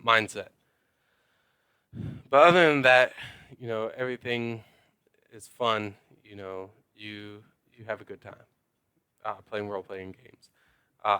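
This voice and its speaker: A man's voice: on the low side, sharp tone, smooth, no echo, clean studio sound. A man at home talking casually to camera about playing role-playing games, rambling with lots of fillers. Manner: rambling, loose, filler-heavy. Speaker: tabletop role-playing gamer.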